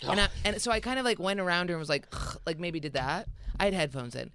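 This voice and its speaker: A young woman, a comedian, telling brash, profane stories in a casual studio chat and acting out people in shrill voices. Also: fast, a bit bright, a little hiss or hum. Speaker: comedian guest. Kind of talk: casual studio talk, storytelling. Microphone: studio mic.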